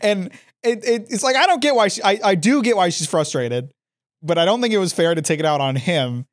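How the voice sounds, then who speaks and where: A man chatting casually, his voice sitting a bit on the high side. He tells a story with constant stammered restarts and casual swearing. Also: animated, a little fast. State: out of breath after running up stairs. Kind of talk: casual chat.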